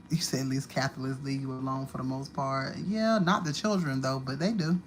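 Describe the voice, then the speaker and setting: Profane, animated woman livestreamer. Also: extremely low pitch, brisk, hardly any pauses, slight background noise. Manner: profane, animated storytelling with sudden loud outbursts. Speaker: livestream host. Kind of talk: casual livestream monologue.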